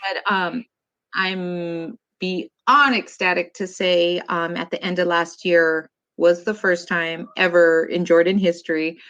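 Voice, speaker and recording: Animated mom telling family stories. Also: female voice, lowish voice, slow, highs cut off. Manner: warm, animated storytelling with laughs. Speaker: guest, mother of two. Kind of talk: casual interview chat.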